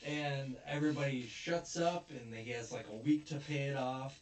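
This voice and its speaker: A man hosting a casual review chat, retelling the story in an animated way and laughing often. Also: medium pitch, moderate pace. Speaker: podcast host. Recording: echoey room, distant mic, faint noise.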